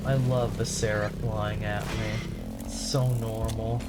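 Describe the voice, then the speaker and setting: A woman's voice: rumbling low, little pitch movement, takes it slowly, very noisy. A woman giving casual gameplay commentary as a streamer, swearing and making sarcastic asides between frustrated outbursts. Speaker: gaming streamer.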